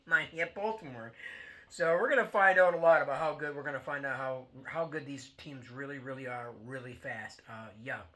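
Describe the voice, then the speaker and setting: A man's voice: medium pitch, normal speed, bright, forceful tone. A man hosting a football talk show, ranting bluntly with lots of fillers and swearing. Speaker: sports podcast host. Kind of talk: casual sports rant.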